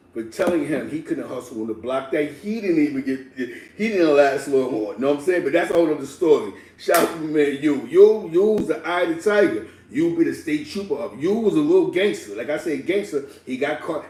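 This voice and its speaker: A man telling a street story in slangy, animated casual talk, laughing and acting out the people in it. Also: fairly high pitch, fairly quick. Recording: roomy echo, distant mic, faint ambience.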